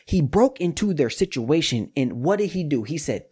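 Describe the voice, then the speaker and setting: Man, podcast host preaching casually, slightly higher voice, chatty and direct with the audience. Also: moderate pace, husky. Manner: lively, colloquial and talks straight to the audience. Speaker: host of a scripture study podcast.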